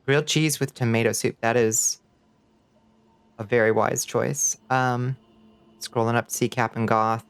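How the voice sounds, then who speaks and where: A man's voice: medium pitch, steady tone, unhurried, long pauses, clean tone. A man streaming a game live, chatting casually with viewers, greeting them and laughing often, with a light lilt. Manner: playful, greets chat warmly, laughs often. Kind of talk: casual live-stream chat while gaming. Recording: faint music behind.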